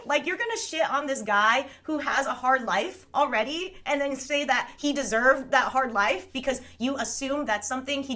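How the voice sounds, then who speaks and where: A woman's voice: on the high side, fairly bright tone. A woman in her thirties chatting casually with her livestream viewers, candid and rambling, swearing freely and laughing often.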